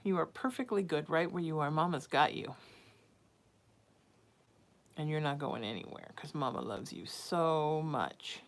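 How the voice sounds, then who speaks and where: A woman's voice: low-pitched, lively intonation, unhurried, pauses often. A woman psychic hosting a casual livestream from home. She chats with viewers and coos sing-song baby talk to her cat.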